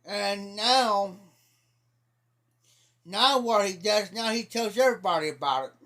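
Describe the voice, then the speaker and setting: A man's voice: high-pitched, measured pace, a bit bright. A middle-aged man from Ohio telling rambling folksy stories on a casual livestream, repeating "I said" as he goes. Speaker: livestream host. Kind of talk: casual storytelling chat.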